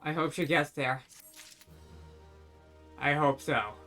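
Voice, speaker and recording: A man reading out a young village boy in a fantasy game, speaking in a quiet, halting, folksy rural dialect. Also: on the high side, soft background music, heavily acted. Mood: somber.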